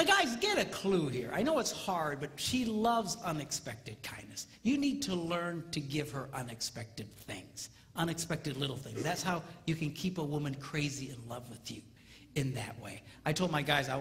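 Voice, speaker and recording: A man's voice: a little high, big pitch swings, moderate pace, fairly bright tone. A man in his fifties giving a comedic marriage seminar to a live audience, bursting into squealing impressions of women. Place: large hall with audience. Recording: reverberant hall with faint noise.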